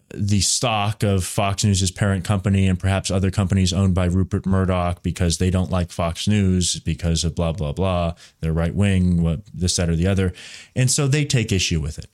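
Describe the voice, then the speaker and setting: A man's voice: fairly low pitch, darkish tone. A man hosting a solo political commentary podcast, talking in a rambling way with frequent restarts and fillers. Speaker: podcast host.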